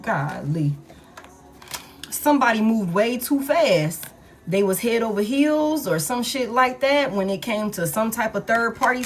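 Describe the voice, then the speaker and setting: With a voice on the high side and a little hiss or hum in the recording, a woman talks through a casual tarot reading. Her style is blunt and profane, full of emphatic repetition.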